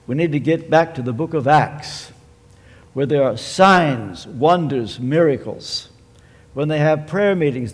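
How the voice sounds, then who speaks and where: A man preaching a sermon, measured and emphatic, posing rhetorical questions and answering them himself. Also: fairly high pitch, a little mellow. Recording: long hall reverb.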